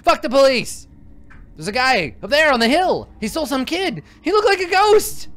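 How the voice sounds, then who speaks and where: A man voicing a panicked young woman shouting frantically in a video game. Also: very high-pitched, very animated, normal speed, pitched above the performer's own voice, full character voice.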